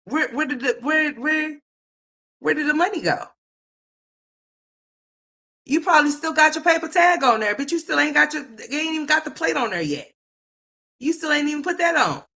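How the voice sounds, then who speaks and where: A woman commentator ranting with incredulous, profane, rapid-fire talk full of restarts. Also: high voice, expressive, pushed and bright.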